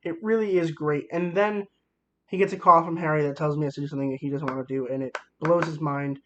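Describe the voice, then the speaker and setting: A young man with a somewhat high voice talks through a movie review in a casual, rambling way, full of fillers and excitement. The recording sounds a bit dull and lo-fi. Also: fast, noisy background.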